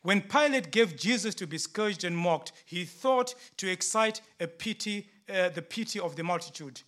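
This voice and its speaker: A man preaching a sermon in a measured, earnest storytelling manner. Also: sits high, expressive, a bit bright.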